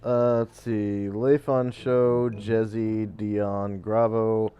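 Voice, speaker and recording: A man runs a tabletop game at a crawl, pausing on fillers. His audio is dull and lo-fi. Faint music sits behind him. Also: on the low side, level tone. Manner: slow, hesitant, halting with fillers. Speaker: game master.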